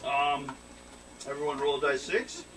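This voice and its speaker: A man's voice: on the high side, lively intonation, unhurried. A man narrating as game master in a tabletop role-playing game, laughing often and telling players to roll dice. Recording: noisy room recording from a distance.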